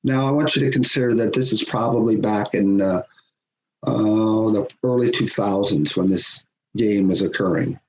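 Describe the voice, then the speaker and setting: A man's voice: on the low side, moderate pace. Middle-aged man telling a story, roomy. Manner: animated, acts out quoted voices, chuckles often. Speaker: podcast guest, hockey official. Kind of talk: conversational storytelling. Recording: roomy, dull sound with faint hiss.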